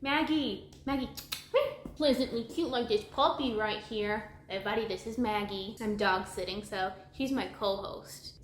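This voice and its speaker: A woman's voice: a little high, roomy sound, a little hiss or hum. Chatty, sarcastic young woman reviewing books. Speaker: book reviewer. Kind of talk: casual chat.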